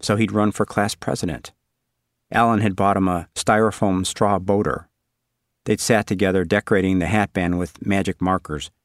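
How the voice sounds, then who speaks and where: A man with a low voice reads a literary story aloud, measured and wry, as if following a character's thoughts. The recording is close and dry, with no room sound. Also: fairly even intonation, dry recording. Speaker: narrator. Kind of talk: scripted literary narration.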